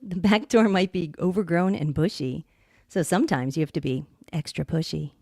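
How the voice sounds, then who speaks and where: A woman's voice: lowish voice, normal speed, gravelly, warm tone. A woman co-hosting a podcast, reading listener-sent comic poems and breaking into laughter often. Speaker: podcast co-host.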